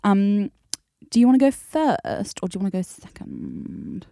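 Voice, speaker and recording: A woman's voice: medium pitch, huge pitch swings, unhurried, vocal fry, dark tone, dry recording, studio quality. A woman co-hosting a podcast, chatty and casual, swearing freely and laughing often. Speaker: podcast co-host. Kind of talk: casual chat.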